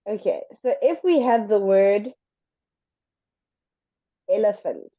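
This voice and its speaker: A woman's voice: medium pitch, lively intonation, dry recording, highs cut off. A woman teaching an English lesson, speaking patiently and drawing words out to demonstrate them. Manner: patient, slow and deliberate, stretching words to demonstrate. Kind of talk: online language lesson.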